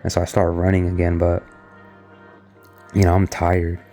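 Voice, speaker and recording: A man's voice: sits low, completely flat delivery, normal speed, mellow, faint music behind. A young man casually retelling a story in a loose, rambling way, full of filler words. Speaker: vlogger recounting an experience.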